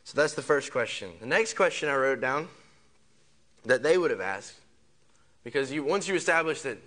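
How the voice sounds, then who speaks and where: A man's voice: mid-range voice, lively intonation, moderate pace, pauses often, pushed and bright. Man preaching in repeated rhetorical questions. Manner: leads the congregation in call-and-response. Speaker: pastor. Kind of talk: sermon.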